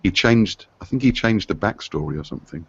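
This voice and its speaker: A man with a very low voice rambles chattily through a casual group discussion. The sound is dull and lo-fi. The room adds almost no echo, so the voice sits close and dry. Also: expressive, fairly quick, husky. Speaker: panelist.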